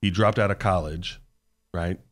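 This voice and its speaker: Earnest, animated male storyteller. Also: low-pitched, measured pace. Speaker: podcast guest, college sports staff. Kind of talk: casual interview conversation.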